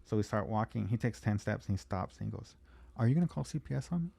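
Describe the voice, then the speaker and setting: A man's voice: on the low side, expressive, fast, vocal fry, dark tone, husky, dry recording. A man, a comedian, telling a rambling, profane story in casual podcast chat and acting out what people said.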